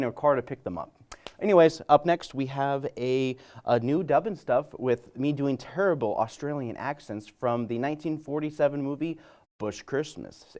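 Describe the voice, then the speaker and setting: A man's voice: mid-range voice, a little mellow. A man hosting a comedic movie preview segment, talking in a sarcastic, rambling way with many fillers. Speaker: host.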